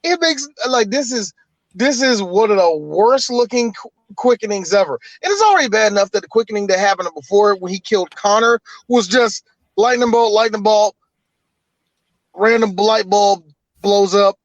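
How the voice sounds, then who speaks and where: High-voiced animated podcast co-host man. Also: moderate pace, no echo, muffled recording. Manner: animated, laughing, swearing. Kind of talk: casual chat.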